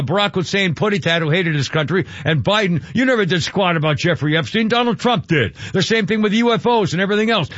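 A man's voice: sits high, a bit bright, no room sound, muffled recording. A male radio talk show host, ranting and exasperated in a rambling way.

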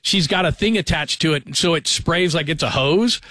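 A man's voice: fairly high pitch, moderate pace, pushed and bright, dry recording. A man in his forties hosting a sports radio show from a studio microphone, chatting casually and rambling through stories with plenty of fillers. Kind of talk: casual talk radio chat.

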